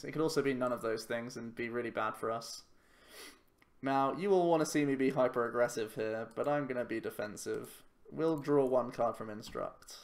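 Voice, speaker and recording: Chatty man thinking aloud over a game. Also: mid-range voice. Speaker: YouTube card game player. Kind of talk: casual gameplay commentary.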